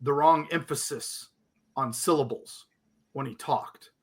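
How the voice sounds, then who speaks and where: A man's voice: medium pitch, a little slow, slightly rough. A man co-hosting a podcast, chatting casually and animatedly, acting out other people's reactions as he tells a story.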